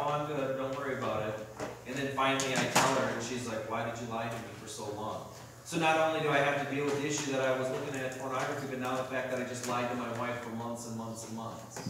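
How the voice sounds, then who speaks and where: In a church sanctuary, a young adult male pastor delivers an earnest, conversational sermon full of personal stories. His mid-range voice is captured from afar by a mic in the echoey hall, with noise in the background.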